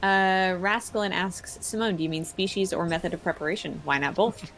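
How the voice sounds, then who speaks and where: A woman's voice: on the low side, brisk, a bit bright, slight background noise. A woman hosting a casual gaming stream, chatting playfully and reading viewer comments aloud. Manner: playful, reads chat aloud. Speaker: stream host.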